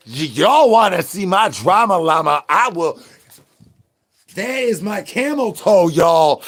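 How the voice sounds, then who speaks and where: A man live streaming in a goofy zombie persona, rambling with sing-song rhymes and yelling at his chat. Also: on the high side. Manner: silly rhyming and sing-song wordplay.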